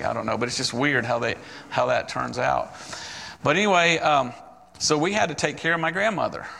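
A man's voice: medium pitch, creaky, in a large hall. A man in his forties, a missionary preacher, telling his testimony in a sermon, acting out the people in his story. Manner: storytelling, animated quoted voices.

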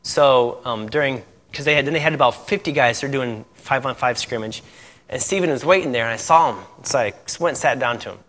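A man preaching, telling a lively testimony story to a congregation, laughing often and acting out dialogue. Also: medium pitch, brisk. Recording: echoey hall.

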